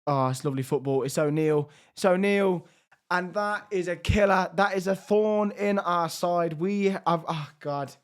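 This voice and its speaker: Excitable man with a strained voice. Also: sits high, moderate pace, hardly any pauses, clean tone. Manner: lively, shifts between hushed and excited. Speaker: gaming YouTuber. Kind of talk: excited game commentary.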